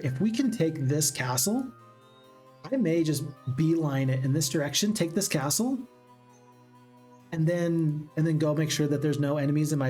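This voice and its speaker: A man's voice: on the high side, darkish tone. A man giving casual commentary while playing a strategy game, thinking aloud and asking himself questions as he goes. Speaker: let's play gamer.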